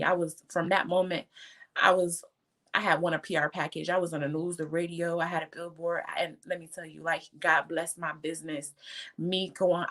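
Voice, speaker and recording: Low-voiced woman, fervent and teary, talking faith and business. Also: fairly bright tone. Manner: fervent, faith-filled, tearful. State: emotional, near tears. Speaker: guest entrepreneur. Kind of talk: emotional personal testimony.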